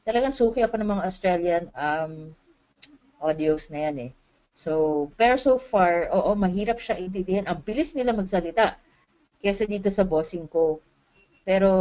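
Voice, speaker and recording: Chatty Filipino woman, lowish voice. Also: a little mellow, rough recording. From Philippines. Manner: chatty, laughs often, full of fillers. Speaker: webinar speaker, freelance transcriber. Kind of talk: casual talk mixing Tagalog and English.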